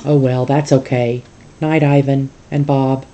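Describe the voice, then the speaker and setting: A teacher reading aloud, voicing a young female elephant who is sad and homesick, in a soft, pleading way, with a mellow tone. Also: medium pitch, level tone, a little slow, muffled recording, slight background noise, lightly acted.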